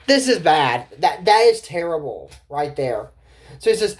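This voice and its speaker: A man's voice: fairly high pitch, big pitch swings, normal speed. A man giving a casual, rambling recap of a cartoon episode, full of fillers, asides and incredulous reactions. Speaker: cartoon reviewer.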